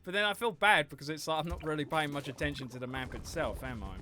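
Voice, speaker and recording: Young male streamer, casual rambling chat with swearing, fairly high voice. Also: fast talker, pushed and bright, faint music behind. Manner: rambling, swears freely, reads chat aloud. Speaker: livestreamer.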